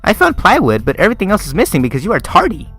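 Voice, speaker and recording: A man reading aloud as a bubbly, bossy schoolgirl from a visual novel, in a high, squeaky falsetto that scolds and teases. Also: huge pitch swings, racing, bright, forceful tone, breathy edge, soft background music, full character voice. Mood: scolding.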